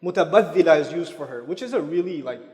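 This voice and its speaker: A man gives a religious lecture in a high voice, speaking casually and conversationally and weaving Arabic terms into his English. His talk rings out with the long reverb of a large hall. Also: animated, fast talker, darkish tone. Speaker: Islamic lecturer.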